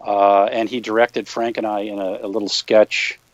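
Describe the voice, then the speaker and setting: A man guesting on a podcast, telling stories in a relaxed way with many fillers and the odd quick impression. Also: lowish voice, no echo. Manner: relaxed storyteller, frequent fillers, slips into impressions. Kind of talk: casual anecdote-telling. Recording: slightly dull lo-fi podcast audio.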